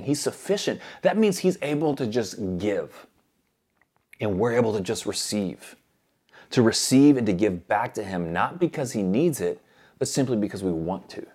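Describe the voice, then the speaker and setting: A man preaching a sermon earnestly, moving between loud urgent stretches and soft hushed ones. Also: medium pitch, lively intonation, moderate pace.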